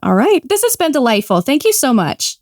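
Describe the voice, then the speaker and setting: A woman's voice: sits high, sing-song, brisk, a little mellow, no echo, studio quality. A woman interviewing guests in a casual, upbeat and encouraging way, laughing often. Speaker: interviewer, association founder.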